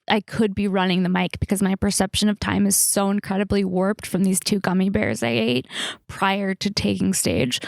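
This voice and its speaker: A woman's voice: mid-range voice, gravelly, dry recording, studio quality. A young woman with a Californian accent, hosting a casual solo podcast and telling stories with lots of fillers and restarts. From Los Angeles area, United States. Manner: chatty storytelling with many fillers and restarts. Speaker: comedian podcast host.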